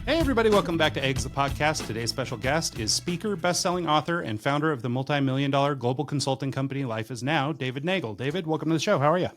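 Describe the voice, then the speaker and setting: A man's voice: mid-range voice, fast, hardly any pauses, fairly bright tone, faint music behind. A man hosting a podcast, introducing his guest in an upbeat, enthusiastic way. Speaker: podcast host.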